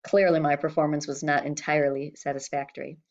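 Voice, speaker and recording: A woman's voice: sits low, flat delivery, a little fast, darkish tone, lo-fi sound. Woman reading a children's novel aloud. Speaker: audiobook reader.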